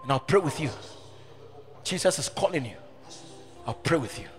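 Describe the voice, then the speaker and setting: A man, the pastor, leading a prayer and an altar call in church, swinging from hushed pleading to shouted appeals. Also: a little high, expressive, moderate pace, long reverb tail, music in the background. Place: church service with music behind.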